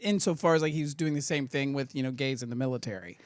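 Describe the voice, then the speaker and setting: A man's voice: medium pitch, fast, no echo, clean studio sound. A man appearing as a guest on a talk show, chatting casually and reading news stories aloud with sarcastic asides. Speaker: actor guest. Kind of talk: casual chat.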